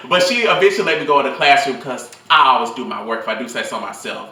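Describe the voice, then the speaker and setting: A man's voice: mid-range voice, fairly quick, reverberant, far from the mic, a little hiss or hum. A young man telling school stories in a casual vlog, rambling and swearing freely into his phone. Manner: rambling, profane, animated storytelling.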